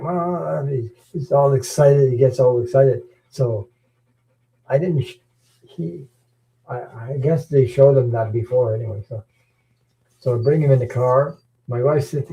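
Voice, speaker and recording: A man's voice: mid-range voice, dark tone, rough recording. A middle-aged man chatting casually as host of a live stream, rambling and chuckling, often repeating words. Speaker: tarot channel host. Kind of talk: casual chat.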